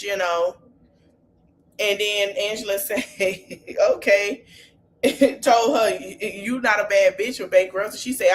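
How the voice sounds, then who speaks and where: This woman, a podcast host, speaks at medium pitch over a faint hiss or hum. In African American Vernacular English, she dishes on reality-show scenes in a loose, gossipy recap.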